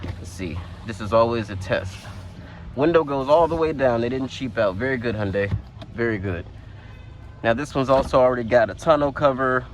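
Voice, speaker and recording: A man at an ordinary mid-range pitch walks around a vehicle, chatting casually as he points things out. His delivery is relaxed and full of little fillers. Faint outdoor ambience sits behind his voice, picked up by the camera mic. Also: fairly quick, slight background noise. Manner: relaxed, conversational, lots of fillers. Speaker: car reviewer. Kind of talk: casual walkaround review.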